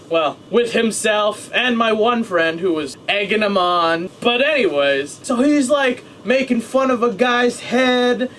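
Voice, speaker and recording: A young man in a casual vlog, rambling and excitable, talking to a webcam at home. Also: very high voice, a little hiss or hum.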